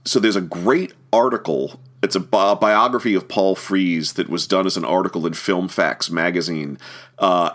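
A man's voice: deep voice, moderate pace, fairly bright tone. A man giving a rambling film commentary, with many fillers and restarts. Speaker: commentary host.

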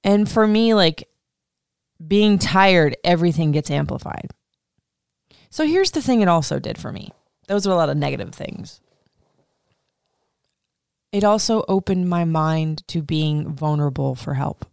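A woman's voice: sits low, animated, measured pace, vocal fry, long pauses, a little mellow, clean tone, no echo, clean studio sound. A woman podcast host in her thirties giving casual, candid advice, swearing freely and laughing often.

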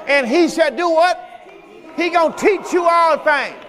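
High-voiced preacher shouting in a hall. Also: male voice, unhurried, a faint crowd. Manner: calls on the congregation to respond; shouting with emphasis. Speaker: pastor. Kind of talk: sermon. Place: church sanctuary. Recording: echoey church hall with music.

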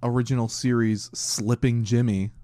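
A man's voice: medium pitch, flat delivery, moderate pace, warm tone, dry recording, studio quality. A man co-hosting a casual podcast, a German native speaker, chatty and joking with friends. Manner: joking, chatty, lots of restarts. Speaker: podcast co-host. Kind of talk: casual chat.

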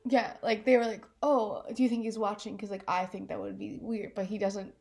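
A woman from northeastern Pennsylvania with a drawn-out A, co-hosting a true-crime podcast and swearing casually. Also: medium pitch, flat delivery, a little mellow. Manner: gravelly, swears freely, short reactive replies. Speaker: podcast co-host.

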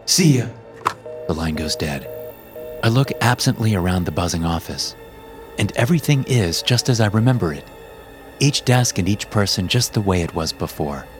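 A man narrating a suspenseful first-person story in a measured way. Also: deep voice, lively intonation, over music.

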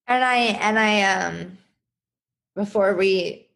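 A woman interviewing a guest, asking hesitant, halting questions. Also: mid-range voice, vocal fry, fairly bright tone. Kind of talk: conversational interview.

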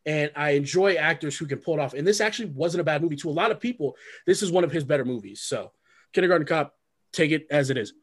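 A man's voice: on the high side, animated, fast talker, slightly rough. A man co-hosting a casual movie podcast, rambling with lots of ums and restarts. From lives in Oregon. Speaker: podcast co-host. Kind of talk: casual movie review chat.

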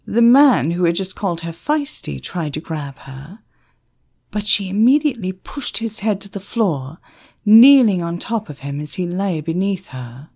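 A woman narrating an audiobook in a slow, expressive storytelling style. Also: fairly low pitch.

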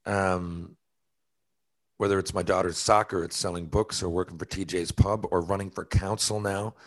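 Male podcast host, slightly low voice, casual argumentative monologue. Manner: exasperated, argumentative, laughing at himself.

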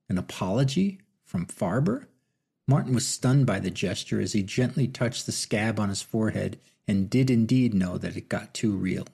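A man narrates a novel in a steady, measured way. His voice is gravelly and husky, with a dark, mellow tone. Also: lowish voice. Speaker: audiobook narrator. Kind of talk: scripted narration.

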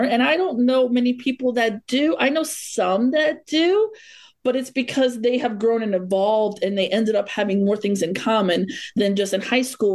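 A woman counselor who is a guest on a podcast, reflecting in relaxed, loosely phrased conversation. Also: medium pitch. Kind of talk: casual conversation.

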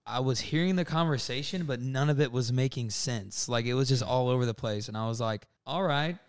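A man's voice: mid-range voice, a little fast, clean tone. A man in his twenties on a podcast, telling a story in casual chat and acting out other people's lines with a lot of laughing. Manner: animated, laughing, acts out quotes. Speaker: podcast co-host.

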